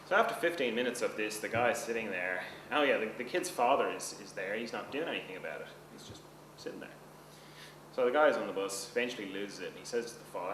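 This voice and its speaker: A man teaches a seminar in a casual, chatty way, often asking his class if they follow. He is recorded from a distance in a roomy hall, and steady background noise runs under his voice. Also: fairly low pitch. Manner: conversational, checks in with the class often. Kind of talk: seminar lecture. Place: seminar room.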